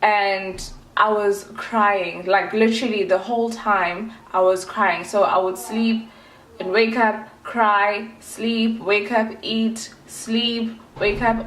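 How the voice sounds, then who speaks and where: A woman's voice: medium pitch, steady tone, a little slow, a bit bright, roomy sound, a little hiss or hum, poor audio. A woman from South Africa in her twenties, chatting casually and rambling to her vlog audience with playful asides. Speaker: vlogger. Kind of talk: casual chat to camera.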